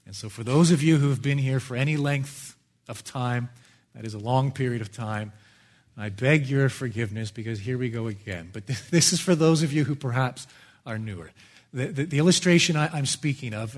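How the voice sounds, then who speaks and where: Emphatic male pastor preaching. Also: mid-range voice. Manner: emphatic preaching that swings between loud and hushed. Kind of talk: sermon. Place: church with a live congregation.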